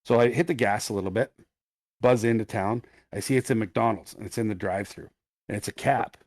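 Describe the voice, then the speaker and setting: A middle-aged man, co-hosting a podcast, tells an animated, profane story in casual chat. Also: lowish voice, a little fast, no room sound, studio quality. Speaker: podcast co-host.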